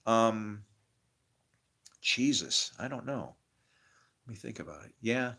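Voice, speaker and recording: A middle-aged man telling rambling stories in a profane, excitable way, breaking into preachy outbursts. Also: fairly low pitch, slow, vocal fry. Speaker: guest. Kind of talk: rambling storytelling monologue.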